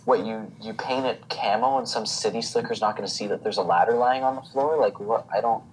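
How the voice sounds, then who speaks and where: A young Canadian man riffs with dry humor in a casual podcast chat. His voice sits at an ordinary pitch, and a faint hiss runs under it. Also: animated, a little fast, low-quality recording. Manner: dry, joking asides. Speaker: podcast co-host.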